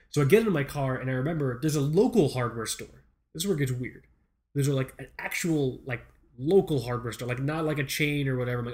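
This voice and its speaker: American guy podcast host, mid-pitched, swears a lot, rambling self-deprecating storyteller. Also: quick pace. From United States. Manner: profane, rambling, self-mocking, animated. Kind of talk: comedic storytelling.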